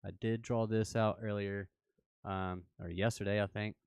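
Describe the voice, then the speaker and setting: A young man hosting a casual crypto livestream, talking through charts in a relaxed, hesitant way with many fillers. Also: lowish voice, moderate pace, clean tone, no echo.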